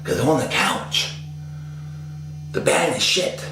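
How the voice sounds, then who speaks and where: A man's voice: on the high side, animated, slow, vocal fry, background noise. Intense, profane man in an echoey room. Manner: intense, profane and rambling, voice rising when fired up. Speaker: fitness motivator. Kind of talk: casual motivational talk.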